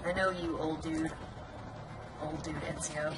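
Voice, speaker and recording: A woman's voice: low-pitched, level tone, a little slow. A young woman giving casual, teasing commentary while playing a video game, laughing often. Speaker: gameplay commentator. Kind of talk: let's play commentary. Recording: home recording with clear background noise.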